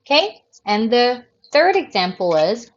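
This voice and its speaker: A woman teacher giving a recorded grammar lecture in a creaky, tired voice, speaking deliberately and often restarting to correct herself. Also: fairly high pitch, big pitch swings, heavy background noise. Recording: dull lo-fi lesson recording.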